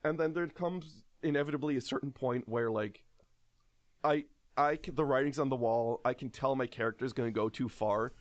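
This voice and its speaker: A man's voice: mid-range voice, moderate pace, dry recording, lo-fi sound. A man co-hosting a podcast in casual chat. He rambles and restarts his sentences a lot and swears freely. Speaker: podcast co-host.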